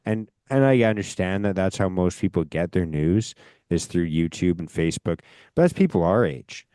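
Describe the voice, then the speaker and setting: A man's voice: low voice, lively intonation, moderate pace, warm tone, clear, resonant tone, no echo, studio quality. A man from Canada hosting a podcast, telling a rambling story in casual chat, swearing often and speaking with emphasis. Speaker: podcast host.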